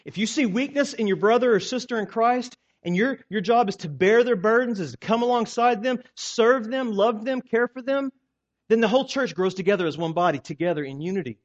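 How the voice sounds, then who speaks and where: A man preaching a sermon as pastor, emphatic, swinging between loud rises and quiet, low drops. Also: brisk. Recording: dull lo-fi recording.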